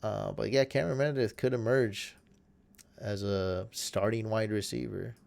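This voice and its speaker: A man hosting a fantasy football livestream, hoarse from losing his voice, chatting and rambling to his viewers in a casual way. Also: lowish voice, fairly even intonation, normal speed, darkish tone. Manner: rambling, self-deprecating, talks to viewers. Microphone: desk mic, at times held close.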